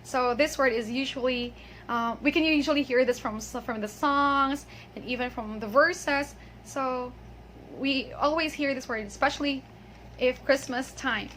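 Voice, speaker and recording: A woman with a bright, high voice leads a pronunciation lesson straight to the viewer. She talks in a patient, chatty way, saying words first and having the listener repeat, with fillers and small laughs along the way. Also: a little slow, a little hiss or hum. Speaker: English pronunciation teacher.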